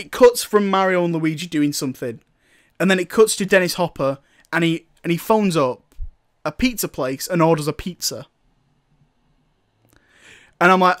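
A man's voice: fairly high pitch, no room sound, studio quality. A man casually recapping a film, rambling and amused, with sarcastic asides and frequent laughter. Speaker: film reviewer.

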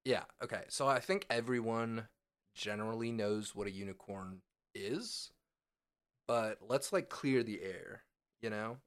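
A man's voice: fairly low pitch, a little slow, smooth. A man co-hosting a podcast in casual chat, laid-back and jokey, swearing freely. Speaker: podcast co-host.

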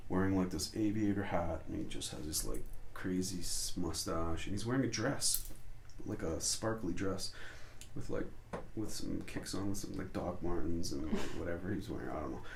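A man's voice: low-pitched, normal speed, vocal fry. A man, a street photographer, telling stories loosely in an interview and swearing a lot. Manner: loose, swearing, animated storytelling. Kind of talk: casual storytelling interview. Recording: echoey room with faint noise.

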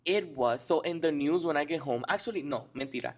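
Animated young man. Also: on the high side, a little fast. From Dominican Republic. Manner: animated, slangy, says "bro" often. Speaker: podcast co-host. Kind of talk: casual storytelling chat.

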